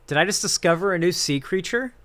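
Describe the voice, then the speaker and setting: A young man doing casual reaction commentary, excitable and crude, with quick joking asides. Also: high-pitched. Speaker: commentary streamer reacting to a video.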